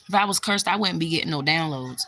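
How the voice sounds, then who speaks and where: A young woman with a husky voice on the low side chats casually on a livestream, replying to viewer comments. She's a spiritual vlogger whose style is blunt and full of profanity, and she often bursts into loud exclamations.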